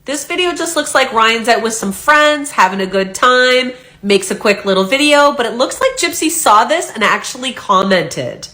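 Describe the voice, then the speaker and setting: A woman's voice: fairly high pitch, lively intonation, moderate pace, few pauses, bright, forceful tone. A woman narrating and explaining a social media clip in a casual commentary style.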